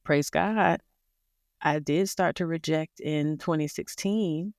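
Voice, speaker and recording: A woman as a podcast guest, telling a personal story in a casual, animated way and laughing along the way. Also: deep voice, slow, dry recording, clean studio sound.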